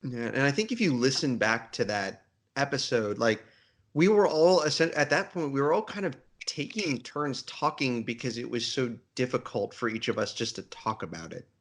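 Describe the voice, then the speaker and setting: A man's voice: medium pitch, expressive, moderate pace. A man co-hosting a fan podcast, talking casually and restarting his sentences. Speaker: podcast co-host.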